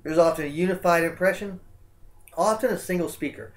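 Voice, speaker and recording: A man teaching a college English lecture over slides, talking in a relaxed, conversational way with frequent uh and um fillers. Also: high voice, a little fast.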